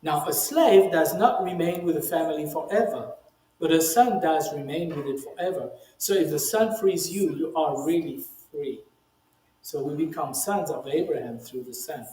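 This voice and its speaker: A man's voice: on the high side, moderate pace, mellow. A man, a rabbi, giving a conversational Bible teaching, emphatic and lifting his voice when he reads quoted speech, with frequent "you know" asides. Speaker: rabbi teaching the weekly Torah portion. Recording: roomy echo.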